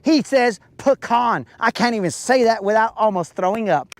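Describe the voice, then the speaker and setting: A man's voice: high-pitched, normal speed, no room sound. A man mimicking a huffy, indignant woman moderator. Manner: indignant, disgusted.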